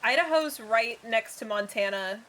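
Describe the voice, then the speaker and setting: A woman's voice: a little high, animated, normal speed, pushed and bright, a little hiss or hum. Laughing woman explaining casually. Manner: laughs often while explaining. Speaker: co-streamer. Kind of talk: casual chat.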